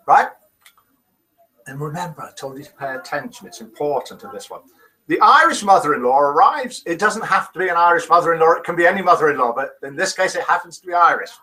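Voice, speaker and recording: A man's voice: fairly high pitch, bright, forceful tone, rough recording. A British man hosting a live call-in show, reading out viewers' messages with a teasing, self-mocking manner.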